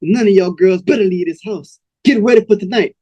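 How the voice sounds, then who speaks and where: A man voicing a smooth, cold-hearted male pimp who talks in a slow, cool, menacing drawl. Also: high-pitched, mellow, no echo, voice pushed up.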